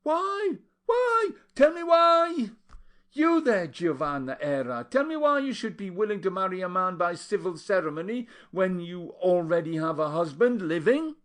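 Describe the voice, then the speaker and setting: A man voicing a fierce, pious elderly aunt who scolds in shrill, preaching outbursts. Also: lively intonation, measured pace. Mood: indignant preaching.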